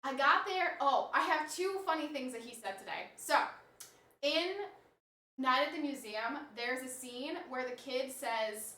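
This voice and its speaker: A woman's voice: high voice, measured pace, bright, forceful tone. A woman streamer chatting casually on a live stream, rambling and answering her chat as she goes. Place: home, room with snake enclosure. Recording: roomy, distant mic.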